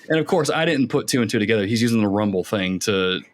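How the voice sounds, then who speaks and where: A man hosting a casual gaming podcast, telling stories with lively reenactments of his younger self. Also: on the low side, fast, hardly any pauses. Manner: animated storytelling, acts out his younger self. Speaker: podcast host.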